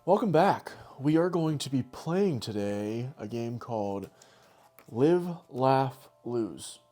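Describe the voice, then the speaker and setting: A man's voice: medium pitch, animated, slow, mellow. A man co-hosting a casual podcast, laughing often and teasing his friend while running a joke game. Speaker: podcast co-host. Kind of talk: casual chat and party game.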